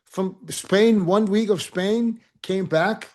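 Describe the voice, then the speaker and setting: Profane animated storyteller, man. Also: sits high, slow pace. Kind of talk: casual storytelling chat.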